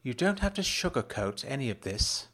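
A man's voice: mid-range voice, very animated, normal speed, voice pushed up. A man voicing a furious accusing wife. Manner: accusing, snapping, loud. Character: middle-aged wife, furious, accusing, sharp-tongued.

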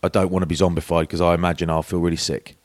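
A man's voice: sits low, little pitch movement, racing, dry recording, clean studio sound. A man in his forties, co-hosting a podcast in casual chat, telling anecdotes and acting out quoted voices. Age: 40s. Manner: chatty storyteller, acts out quoted voices. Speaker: podcast co-host.

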